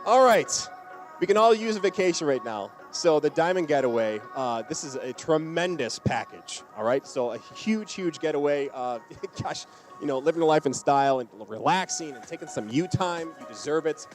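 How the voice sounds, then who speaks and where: Upbeat high-voiced man calling auction winners. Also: animated, faint music behind. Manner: upbeat, drawn-out name calls. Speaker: charity auction host. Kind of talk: announcing prize winners.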